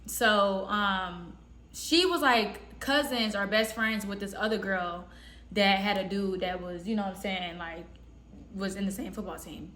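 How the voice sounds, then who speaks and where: A woman from the Southern US telling a story casually in a slangy, rambling way with animated quotes. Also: mid-range voice, unhurried. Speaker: storytime vlogger. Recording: roomy echo.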